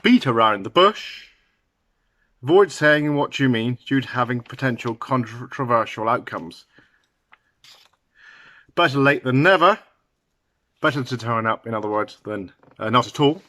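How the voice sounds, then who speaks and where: A man teaching English idioms to learners, talking slowly and halting now and then with fillers and restarts. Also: mid-range voice, lively intonation, sharp tone.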